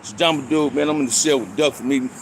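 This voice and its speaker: An older man telling stories from his past in casual street slang, and he gets animated when he reenacts fights. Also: mid-range voice, fast, vocal fry, slight background noise. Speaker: storyteller recounting prison life. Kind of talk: casual storytelling monologue.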